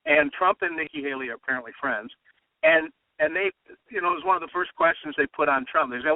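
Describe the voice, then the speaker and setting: A man on political talk radio, telling stories excitedly and acting out quotes. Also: fairly high pitch, a little fast, gravelly, dry recording. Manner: excited storytelling, quotes others animatedly. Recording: dry phone-like radio sound.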